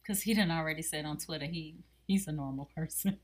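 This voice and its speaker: A woman co-hosting a casual podcast, chatting about a reality TV show in an animated way and laughing often. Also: deep voice, a little fast, a crowd in the background. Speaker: podcast co-host.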